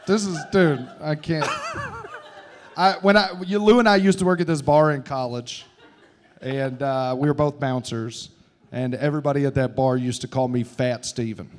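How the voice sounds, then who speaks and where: A man telling loud, profane, laughing stories on a comedy club stage into a handheld mic. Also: medium pitch, steady tone, normal speed. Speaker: comedian and teacher. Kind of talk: live comedy Q&A storytelling.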